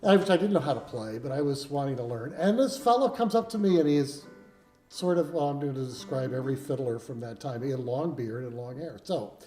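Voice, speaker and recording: Rambling folk musician telling a stage story. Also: male voice, mid-range voice, expressive, a little fast, dark tone, soft background music. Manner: rambling, self-deprecating anecdote with frequent chuckles. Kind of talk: live concert storytelling. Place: concert stage before a live audience. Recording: roomy live venue sound with faint instruments.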